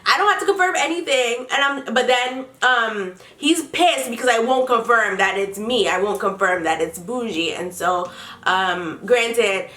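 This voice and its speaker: A young woman vlogger telling a casual storytime, animated and profane, often breaking into laughter. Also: on the high side, a little slow. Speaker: beauty vlogger. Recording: roomy with faint music.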